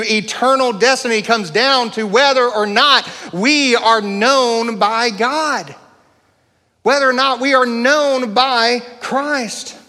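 A man's voice: sits high, measured pace, pushed and bright, big-room sound. A male pastor preaching a sermon, earnest, building through rising rhetorical questions.

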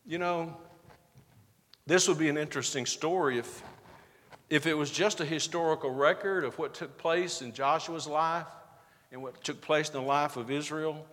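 High-voiced preacher in an echoing hall. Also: male voice, moderate pace, fairly bright tone. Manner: preaching with rising emphatic bursts, acting out back-and-forth quotes. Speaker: pastor. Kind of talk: sermon.

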